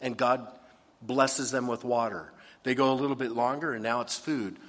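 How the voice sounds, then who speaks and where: A man preaching a sermon with energy, his voice sitting in a middle pitch. He sometimes slips into whiny complaining voices to make a point. The sound carries a long reverb, as if recorded in a large hall. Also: fairly quick. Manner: animated, acts out complaining voices. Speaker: pastor.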